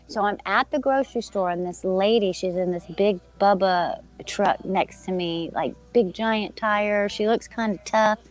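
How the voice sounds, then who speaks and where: A woman casually telling a personal story to a group, animated and quickly fired up, talking to her listeners directly. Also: medium pitch, rough recording. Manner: animated, gets fired up, acts out quoted voices; talks to listeners as "you guys".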